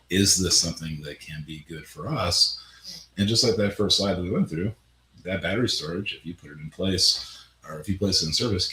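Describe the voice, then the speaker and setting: A man with a deep voice and a bright, forceful edge, presenting in a conversational way. He stammers and restarts his phrases. His voice comes over a webinar call with a roomy echo and faint background noise. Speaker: webinar presenter on tax credits.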